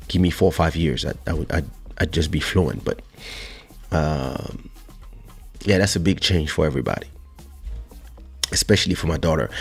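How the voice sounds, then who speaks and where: A man with a fairly low voice hosts a podcast in an easygoing, chatty way. His pitch rises and falls a great deal as he tells stories, and he laughs often. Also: gravelly, husky. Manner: animated storyteller, laughs often, swings his voice up and down. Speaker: podcast host. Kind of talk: casual chat.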